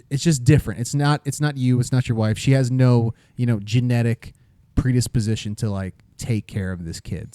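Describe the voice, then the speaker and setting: A man in his thirties co-hosting a podcast, talking in a halting way with many filler pauses. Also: on the low side, dark tone, no echo. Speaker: podcast co-host. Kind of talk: casual chat.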